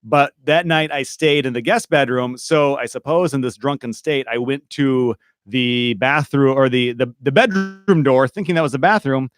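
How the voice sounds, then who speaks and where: A man's voice: mid-range voice, moderate pace, hardly any pauses, clean tone, no echo. A man hosting a podcast in casual chat, telling stories in a candid, reflective way. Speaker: podcast host.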